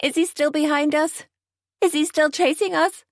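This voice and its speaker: A woman reading an audiobook voices a brash, wisecracking woman who talks in slang and gets loud when excited. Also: a little high, normal speed, no echo, clean studio sound, voice pushed up, close to an everyday voice. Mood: frantic.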